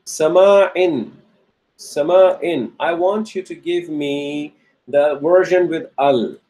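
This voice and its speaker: A man's voice: a little high, slow, warm tone, low-quality recording. A man teaching an online Arabic grammar lesson, patiently repeating each answer, checking in with students and praising their replies.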